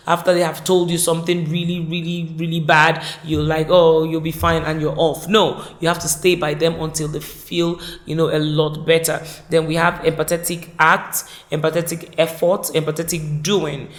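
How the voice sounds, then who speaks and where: A woman's voice: deep voice, level tone, normal speed, few pauses. A woman teaching a caregiving course in an informal, emphatic way, often repeating key words and acting out short example dialogues. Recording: echoey room.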